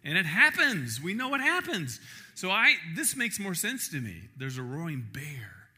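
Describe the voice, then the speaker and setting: A man preaching to a camp in a lively, emphatic way, piling up rhetorical questions. His voice sits a little high. It sounds very bright and forceful. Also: moderate pace. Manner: emphatic, fires rhetorical questions, animated storytelling. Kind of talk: sermon.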